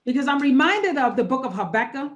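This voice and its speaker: A woman's voice: sits high, big pitch swings, quick pace. A woman pastor leading an interactive online workshop over a video call. She talks conversationally and repeats key phrases for emphasis. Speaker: pastor leading a church webinar.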